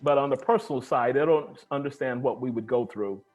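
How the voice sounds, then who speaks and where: Relaxed male interview host. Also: medium pitch, fairly quick, muffled recording, soft background music. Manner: relaxed, affirming with short replies. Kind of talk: conversational interview.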